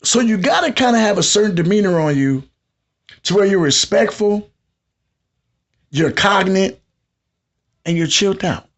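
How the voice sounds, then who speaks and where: A man with a fairly high voice, hosting a live podcast. He lectures his audience in a conversational, preachy tone and talks straight to them. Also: expressive, normal speed, pauses often. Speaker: podcast host.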